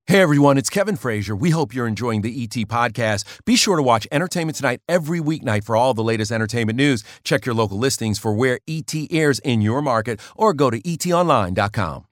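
A man hosting entertainment news, reading scripted promos in a polished, energetic way. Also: medium pitch, fast talker, few pauses, no room sound.

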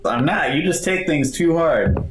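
A man's voice: on the high side, lively intonation, moderate pace, natural voice. A man playing a laid-back, defensive fighter. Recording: echoey room, background noise.

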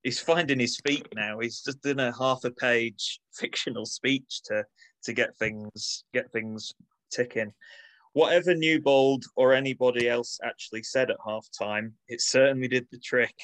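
A man's voice: medium pitch, steady tone, measured pace, fairly bright tone, no room sound, rough recording. Wry man reading aloud, dry sound. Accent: close to Manchester. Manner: wry, reads aloud then riffs. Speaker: podcast co-host reading from a book. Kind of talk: casual chat with read-aloud passages.

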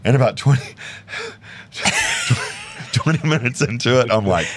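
Chatting casually on a video call, this Houston, Texas podcast host is upbeat and enthusiastic, laughing often through the interview. His mid-range voice swings hugely in pitch at a measured pace with frequent pauses, and the recording is very noisy.

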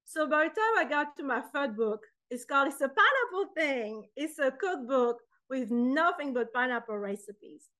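A woman's voice: sits high, normal speed, few pauses. A woman guest on an interview show, telling stories casually and acting out the dialogue in them. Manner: animated, acts out dialogue in her anecdotes. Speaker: guest, author and poet.

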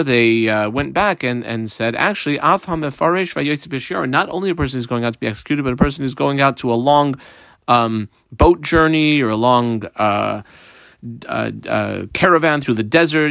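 A man's voice: mid-range voice, fairly bright tone, no echo. A man teaching a Talmud lesson, reading Aramaic phrases and explaining them in casual English.

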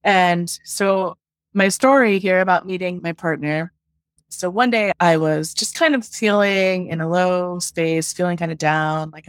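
A woman's voice: fairly low pitch, measured pace, dry recording, clean studio sound. A woman working as a love coach, telling her story in a casual interview, chatty and full of "like", acting out her own past thoughts.

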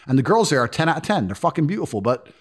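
Man, podcast guest, blunt, profane, lively pitch, quick delivery. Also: husky. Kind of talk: casual storytelling.

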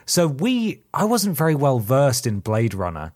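A man's voice: mid-range voice, wildly swooping pitch, unhurried, darkish tone. A man chatting casually as a podcast co-host, telling self-deprecating work stories. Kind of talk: casual chat.

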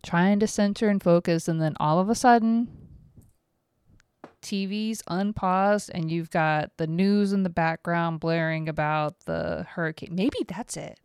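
A middle-aged woman hosting a podcast alone, rambling and self-mocking in casual talk, swearing freely, recorded on a close mic in a quiet room at home. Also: fairly low pitch, unhurried, clear, resonant tone, dry recording. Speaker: podcast host. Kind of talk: casual solo podcast monologue.

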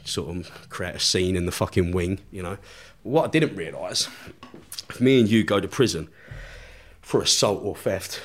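A man's voice: low voice, lively intonation, normal speed. A man, a podcast guest telling a story in casual chat, swearing constantly and laughing along with his own tale.

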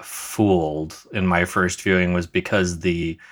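A man guesting on a podcast, chatting casually and excitedly, often restarting his sentences. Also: sits low, unhurried.

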